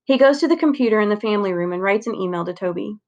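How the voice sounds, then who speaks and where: A woman steadily reading a children's novel aloud, narrating clearly. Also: medium pitch, animated, racing, darkish tone, dull audio. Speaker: reader.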